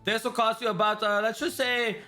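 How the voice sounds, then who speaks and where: A man voicing a short, pushy human clothing merchant who talks like a fast salesman and bristles at haggling. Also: sits high, flat delivery, bright, forceful tone, faint music behind, pitched above the performer's own voice. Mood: salesy.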